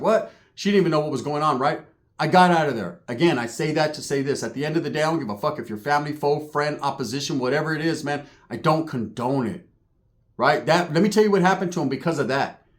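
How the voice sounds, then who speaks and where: A young man telling a profane story in street slang and acting out the people he quotes. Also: a little high. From California. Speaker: commentary vlogger. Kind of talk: storytelling rant.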